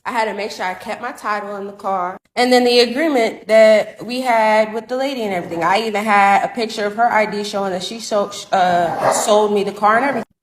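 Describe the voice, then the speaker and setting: A woman's voice: medium pitch, brisk, echoey room, slight background noise. A woman telling a story to camera in a casual, slangy, confident way. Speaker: content creator.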